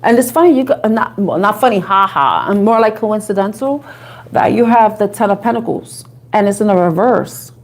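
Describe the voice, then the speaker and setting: A woman from the Bronx with a New York accent, chatting and thinking out loud as she gives a live tarot reading to viewers. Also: mid-range voice, animated, moderate pace. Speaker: tarot reader.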